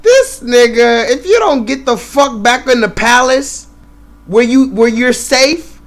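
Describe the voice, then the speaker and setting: A man's voice: extremely high pitch, lively intonation, slow pace, fairly bright tone. A man hosting a live stream, ranting and swearing in loose commentary, repeating himself and laughing often.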